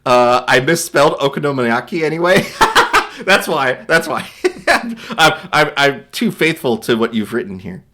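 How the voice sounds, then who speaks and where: Young male streamer, bright tone, lively swooping delivery, reads captions aloud with playful voices and frequent laughter. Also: medium pitch, measured pace. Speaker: streamer reading viewer art aloud. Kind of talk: casual reaction commentary.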